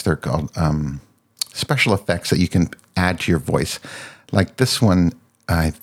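Low-voiced man rambling through a gear demo. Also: a little mellow, slightly rough. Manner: rambling, self-interrupting, searching for words. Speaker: podcast host. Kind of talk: casual gear demo chat. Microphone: dynamic mic on a boom arm.

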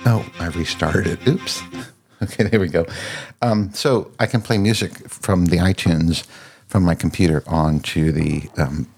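Low-voiced man rambling through a gear demo. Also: a little slow, vocal fry, darkish tone, breathy edge, faint music behind. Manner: rambling, self-interrupting, searching for words. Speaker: podcast host. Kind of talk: casual gear demo chat. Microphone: dynamic mic on a boom arm.

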